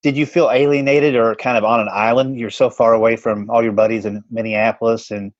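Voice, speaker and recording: A man's voice: medium pitch, little pitch movement, fairly quick, no echo. Male podcast interviewer, encouraging, rambling questions, dull dry sound. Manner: supportive, asks long rambling questions. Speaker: podcast host. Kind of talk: interviewing a guest.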